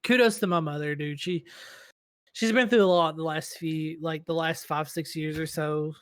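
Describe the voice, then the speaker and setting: Southern male host, high voice, animated storyteller, dry close mic. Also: normal speed, clean tone, no room sound. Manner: animated storyteller, swearing freely. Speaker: podcast host. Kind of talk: casual chat.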